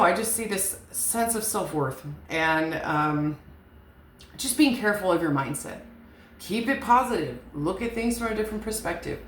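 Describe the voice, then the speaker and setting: A woman giving a casual, rambling tarot reading, frank and chatty, swearing now and then. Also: low-pitched. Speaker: tarot reader. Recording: echoey room with faint hiss.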